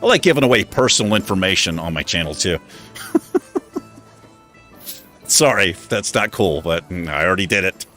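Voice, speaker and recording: Man, livestream host, casual chat, self-mocking, animated, faint background music. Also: deep voice, normal speed, pauses often. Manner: self-mocking, chuckles often; animated, struggling over pronunciation.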